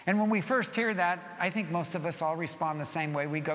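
Bright-voiced middle-aged male pastor. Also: on the high side, a little fast, few pauses, in a large hall, slight background noise. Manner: animated storytelling, swinging from soft to loud. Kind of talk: sermon.

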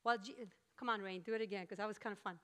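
A woman preaching a sermon, telling the story in an animated, emphatic way. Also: medium pitch, rapid-fire, smooth.

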